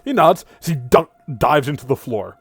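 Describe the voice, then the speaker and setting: A man's voice: mid-range voice, lively intonation, normal speed. A man narrating a tabletop game as game master, describing the scene in a casual way.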